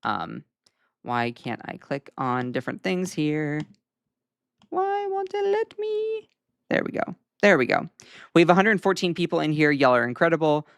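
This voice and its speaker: A man's voice: on the high side, expressive, moderate pace, gravelly, a bit bright, clear, resonant tone, no room sound, studio quality. A man with a Southern US accent hosting a casual livestream news commentary, talking in a loose way full of "um" fillers and wry asides. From Southern United States. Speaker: host.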